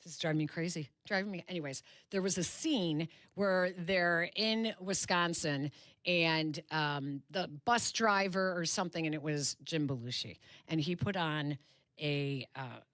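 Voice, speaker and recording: A chatty woman from the Chicago area hosts a sports radio show from a studio mic. Her voice sits a little low for a woman, and the sound is close and dry with no room in it. She laughs easily and wanders off mid-thought. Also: unhurried, fairly bright tone, no echo. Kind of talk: casual sports radio chat. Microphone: studio microphone.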